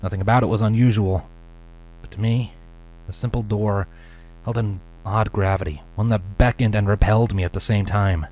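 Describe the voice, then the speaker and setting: Deep-voiced man reading a story. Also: fairly even intonation. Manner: measured first-person narration, dropping to hushed whispers for dialogue. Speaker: narrator. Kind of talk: fanfiction audiobook reading.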